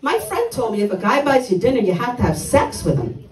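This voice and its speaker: An older woman works a stand-up set with blunt, dark one-liners, her pitch swinging in a lively way. The sound is echoey, like a comedy club picked up from a distance. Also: a little fast.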